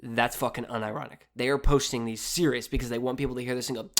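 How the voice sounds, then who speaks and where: A man's voice: mid-range voice, steady tone, fast talker, gravelly, few pauses. A man hosting a solo podcast, reading posts aloud in a sarcastic, mocking way, swearing freely and laughing often. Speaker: podcast host.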